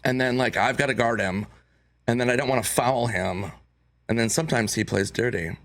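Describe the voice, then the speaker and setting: A man being interviewed in a talk show studio, a comedian telling lively stories and acting out the lines of people he quotes. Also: mid-range voice, a little fast. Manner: animated storyteller, acts out quotes. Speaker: comedian guest. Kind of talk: casual interview chat.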